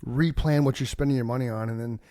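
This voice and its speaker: A man's voice: medium pitch, fairly even intonation, fast, warm tone, no echo, clean studio sound. A man co-hosting a podcast, telling long rambling comic stories full of swearing and acted-out voices. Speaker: podcast co-host. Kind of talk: casual chat.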